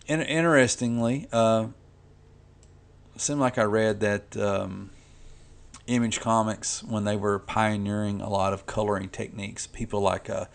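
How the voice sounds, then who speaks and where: A man's voice: lowish voice, vocal fry. A man who makes comics, talking casually and rambling while he colors, with lots of "you know" and restarts. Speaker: comic artist vlogger.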